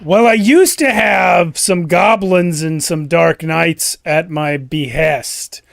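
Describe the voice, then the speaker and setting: A man voicing a scornful male villain wizard, speaking in a cold, threatening and deliberate way. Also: on the high side, creaky, a bit bright, no echo, clean studio sound, exaggerated voice. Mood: menacing. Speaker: villain in a tabletop game.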